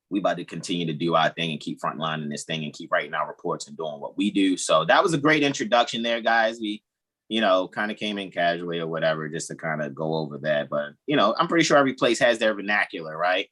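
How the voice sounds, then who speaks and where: A man's voice: low-pitched, very animated, fast talker, a bit bright, husky. A man hosting a casual group video call, joking around, laughing often and drifting into rambling asides. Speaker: host.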